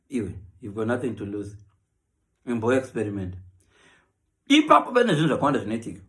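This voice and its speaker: A comedian with a Zimbabwean accent delivers an animated comic monologue, mixing Shona with English and acting out the people he describes. His voice is medium-pitched, and he talks fast with frequent pauses.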